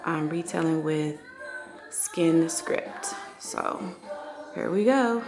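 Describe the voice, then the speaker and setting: A woman speaks in a casual, heartfelt, chatty vlog voice, excited as she talks to viewers. Her voice sits a little low for a woman. The sound bounces around an echoey room, with faint music underneath. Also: slow. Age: 40s. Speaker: esthetician. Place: her empty new salon studio.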